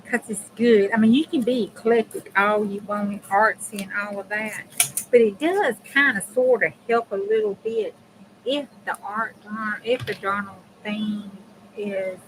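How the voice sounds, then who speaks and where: A middle-aged woman with a drawl hosts a crafting livestream from her home craft room. She chats in a folksy, easygoing way, talking straight to her viewers. Her voice sits at an ordinary pitch for a woman. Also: steady tone, a little slow, noisy background. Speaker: craft channel host. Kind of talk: casual chat while crafting on a livestream.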